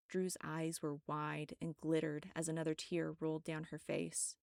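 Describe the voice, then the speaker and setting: A woman reading her own story aloud as audiobook narration, steady and dramatic. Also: low voice, a little slow, gravelly, few pauses, no room sound, studio quality.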